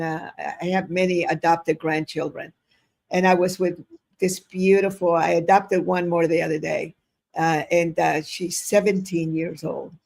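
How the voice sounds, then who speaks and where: A woman's voice: fairly low pitch, a little mellow. A woman in her seventies, a guest on an interview over a video call, talking in an effusive, rambling way. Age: 70s. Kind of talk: casual interview talk.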